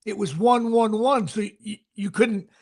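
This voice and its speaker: A middle-aged man hosts a laid-back podcast chat with a high, gravelly voice. He rambles through his stories and plugs his upcoming shows. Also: normal speed. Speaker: podcast host.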